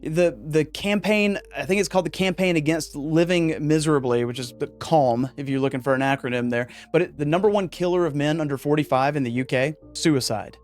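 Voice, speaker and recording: Brief: male podcast host, energetic and fired-up monologue, slightly high voice, joking asides, faint music underneath. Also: fairly quick, few pauses. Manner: energetic, gets worked up, jokey asides. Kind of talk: casual podcast monologue on men's mental health.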